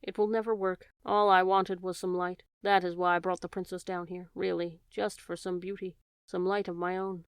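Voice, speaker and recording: A woman's voice: lowish voice, little pitch movement, normal speed, clear, resonant tone, no room sound, studio quality, lightly acted. A woman voicing a bitter, scheming male rat with haughty, formal speech in a storybook reading. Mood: despairing.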